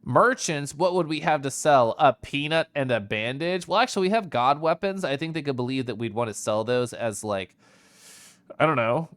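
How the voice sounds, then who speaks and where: A streamer chatting and giggling through a live game playthrough, reading choices out loud. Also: mid-range voice, normal speed, no room sound, clean studio sound.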